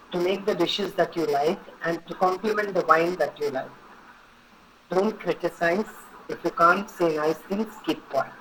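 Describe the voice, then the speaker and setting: A woman's voice: on the low side, a bit bright, a little hiss or hum, rough recording. A woman teaching an online etiquette class, giving firm, repetitive instructions and checking in with her students. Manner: instructive, repeats points and checks with "okay?".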